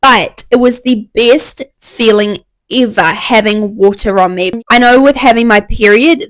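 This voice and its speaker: Young woman, fairly high voice, candid chatty storytime, dry close sound. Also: dry recording, rough recording. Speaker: vlogger. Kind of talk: casual storytime narration.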